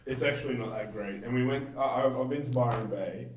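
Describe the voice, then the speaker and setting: A man's voice: medium pitch, fairly quick, reverberant, recorded from a distance, slight background noise, rough recording. A young Australian man in a casual podcast chat, blunt and swearing. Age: young adult.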